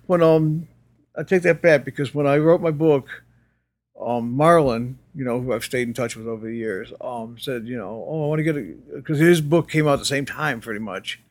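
A man's voice: medium pitch, normal speed. Rambling older man telling stories. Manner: rambling, full of you-knows and restarts, laughs often. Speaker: interview guest. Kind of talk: casual storytelling.

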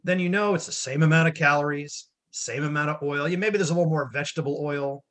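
A man's voice: a little high, fast, a bit bright. A man co-hosting a casual chat, telling a wry, exaggerated story about family life. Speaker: podcast co-host, dad.

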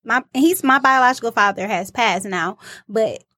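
A woman's voice: fairly high pitch, moderate pace, pushed and bright. A woman speaking earnestly in a casual group chat, often checking in with her listeners. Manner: earnest, personal, repeats "you know what I'm saying".

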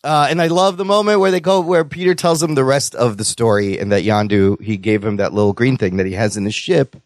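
A man co-hosting a podcast, chatting casually and excitedly and laughing as he retells scenes. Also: medium pitch, fairly quick, no echo, studio quality. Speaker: podcast co-host. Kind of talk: casual chat.

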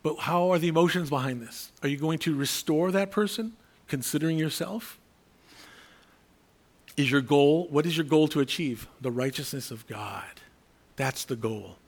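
A man's voice: a little high, moderate pace. A man preaching a sermon in a conversational way, often acting out the voices of imagined people.

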